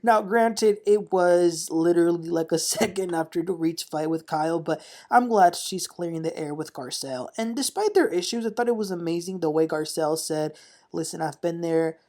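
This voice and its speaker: A woman's voice: on the low side, moderate pace, hardly any pauses, dark tone. A woman hosting a casual reality-TV recap, chatty and opinionated, often laughing as she talks. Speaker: TV recap host.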